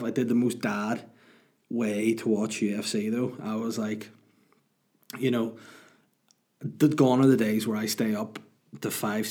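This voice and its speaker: A man's voice: fairly low pitch, darkish tone. A man, rambling chattily as a solo podcast host. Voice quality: husky. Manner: rambling, self-deprecating, chatty. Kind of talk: casual solo podcast chat.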